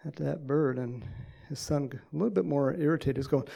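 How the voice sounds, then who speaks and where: Pastor guy preaching, gravelly voice, lots of uhs and pauses. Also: on the high side, mellow. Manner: halting, many uh fillers, storytelling. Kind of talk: sermon.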